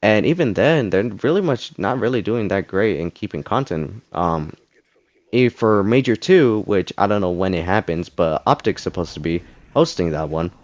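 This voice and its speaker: Low-voiced man rambling about gaming. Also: animated, moderate pace, no echo, lo-fi sound. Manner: rambling, many fillers and restarts. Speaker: gaming commentator. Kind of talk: casual rant to camera.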